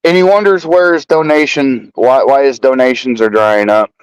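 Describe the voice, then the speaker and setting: A man on a live stream panel, talking loud and coarse in casual chat, shouting into his microphone. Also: mid-range voice, normal speed, smooth, no room sound, poor audio.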